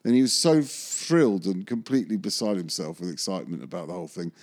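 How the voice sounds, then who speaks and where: A man's voice: sits low, big pitch swings, fast, darkish tone. A man, a magician, telling a rambling anecdote in an interview, often correcting himself and chuckling. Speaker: magician recalling film work.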